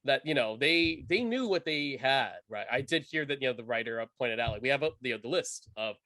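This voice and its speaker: A man co-hosting a casual film podcast, animated and enthusiastic, full of fillers and restarts. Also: mid-range voice, a little fast, no room sound, clean studio sound. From United States. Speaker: podcast co-host.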